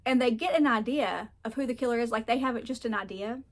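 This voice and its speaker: This book reviewer has a voice on the high side and a fast delivery. Her casual chat is a frank rant peppered with frequent laughter and the odd swear word, and she animatedly imitates characters in mocking voices.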